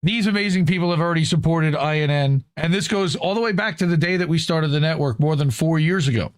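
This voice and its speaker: A man's voice: fairly high pitch, quick pace. A man hosting a live independent news stream, talking casually and thankfully, often repeating words as he goes. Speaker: host. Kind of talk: livestream news show.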